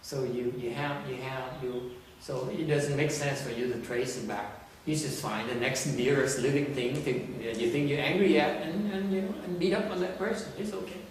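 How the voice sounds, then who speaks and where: A man gives an informal talk to a group at a middle pitch, with a conversational, teasing manner and frequent restarts. He is recorded from a distance in a strongly echoing room, with faint noise behind him. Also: steady tone, normal speed, hardly any pauses. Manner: conversational, repetitive restarts, teasing questions, chuckles. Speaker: teacher addressing a group. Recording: very echoey room, distant mic.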